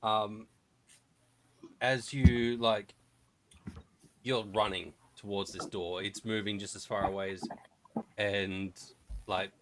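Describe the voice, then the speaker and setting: A man's voice: on the low side, little pitch movement, slow, long pauses, background noise. A man narrating as game master in a casual, rambling way full of fillers.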